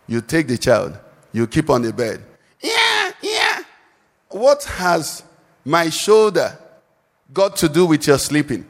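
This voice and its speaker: A man preaching a live church sermon, quizzing the congregation and lifting into sing-song phrases. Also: fairly high pitch. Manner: call-and-response questions to the congregation, sing-song rises. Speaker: pastor. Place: church service. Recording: long church-hall reverb.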